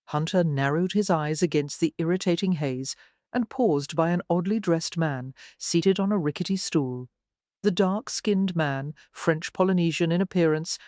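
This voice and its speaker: An audiobook narrator giving a measured, even scripted reading of a romance novel. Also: medium pitch, no echo, clean studio sound.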